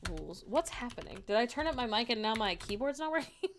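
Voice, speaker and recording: A woman's voice: on the high side, big pitch swings, fast talker, slight background noise. A young woman chatting casually on a livestream from home, joking and laughing often at herself. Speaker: streamer. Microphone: desk microphone.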